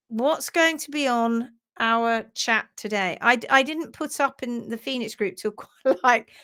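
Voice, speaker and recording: A woman's voice: fairly high pitch, fairly bright tone. A woman hosting a livestream from her home office, chatting casually, greeting viewers by name and laughing often. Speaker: host of a horse hoof care livestream. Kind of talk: casual live chat.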